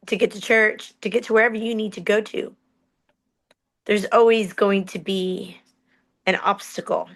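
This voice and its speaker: A woman's voice: mid-range voice, fairly bright tone. A woman on a motivational panel who talks earnestly, laughs often and repeats her words for emphasis. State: just out of hospital.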